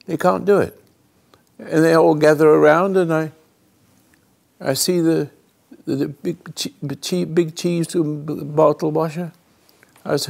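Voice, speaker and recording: A man hosts a call-in radio show in a mid-range, creaky voice with a breathy edge. He tells a story dramatically, swinging between loud and hushed and halting to restart mid-phrase.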